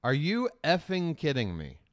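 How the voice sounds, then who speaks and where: A man's voice: on the high side, huge pitch swings, moderate pace, no room sound, studio quality. A man hosting a live reaction stream, rambling in casual, profane commentary.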